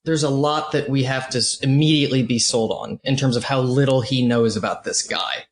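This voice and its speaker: A man hosting a podcast, breaking down a movie in long, measured, analytical sentences. His voice carries a noticeable room echo. The pitch sits in a middle range. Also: fairly even intonation. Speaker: podcast host. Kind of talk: casual film discussion. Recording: roomy echo.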